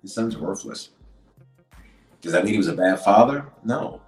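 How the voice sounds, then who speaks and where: A man preaching a sermon as a bishop, swinging from loud declarations to hushed lines and repeating phrases for emphasis. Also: lowish voice, animated, moderate pace, roomy sound, soft background music, poor audio.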